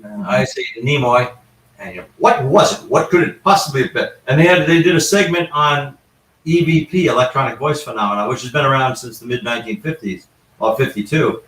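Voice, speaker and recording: A paranormal investigator with a medium-pitched, fairly bright voice tells anecdotes at a brisk pace. He rambles casually, frequently restarting and going off on asides. The recording is echoey, with him far from the mic.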